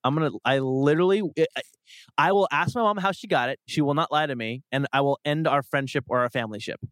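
A man's voice: fairly high pitch, fast, a bit bright, no room sound. Playful man rambling on a podcast. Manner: playful, rambling fantasy storytelling. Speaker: podcast co-host. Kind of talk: casual banter.

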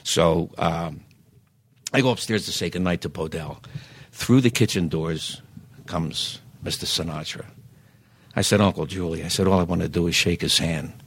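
An older man, a singer guest telling lively anecdotes in casual chat, stammering on restarts and acting out other people's lines. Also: deep voice, moderate pace, husky, dry recording. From Philadelphia. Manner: animated anecdotes, acts out quoted voices, stammers restarts.

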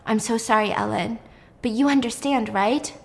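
A woman's voice: on the high side, moderate pace, creaky. A woman retelling a film in her own voice, speaking for a desperate father who pleads in anguish. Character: desperate middle-aged father.

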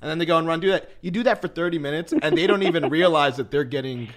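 A man co-hosting a podcast, laughing often and telling animated stories in a casual chat. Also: a little high, fast talker. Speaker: podcast co-host.

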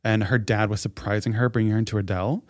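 A man's voice: on the low side, steady tone, fast, darkish tone, dry recording, studio quality. A man co-hosting a podcast, telling a story in casual chat, full of "like" fillers. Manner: chatty storyteller, heavy "like" fillers. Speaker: podcast co-host.

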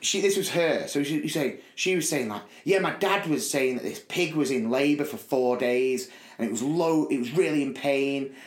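A man's voice: mid-range voice, normal speed. Guy on a podcast telling a mate's story, does the voices, laughing a lot, bit echoey. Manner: animated, quotes friends in put-on voices, laughs often. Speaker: podcast co-host. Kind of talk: casual storytelling chat.

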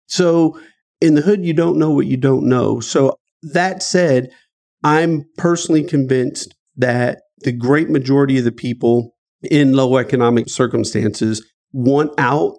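A middle-aged man from Dayton, Ohio, appears as a guest author in an interview, recounting an emotional personal story in an unhurried, darkish voice. He speaks earnestly, his pitch rising at the painful moments.

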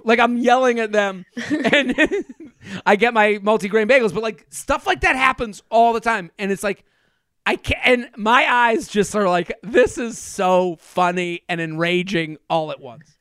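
A man's voice: sits high, moderate pace, fairly bright tone, clean tone, no echo, studio quality. A man who is a comedian guest, telling casual stories in a rambling, self-interrupting way and laughing often. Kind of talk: casual storytelling.

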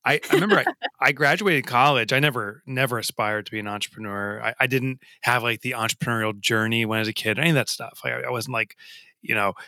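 Bright, animated man telling his story. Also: mid-range voice, fast, no echo. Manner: animated and self-deprecating, with frequent stammered repeats. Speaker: guest, author and entrepreneur. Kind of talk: casual interview storytelling.

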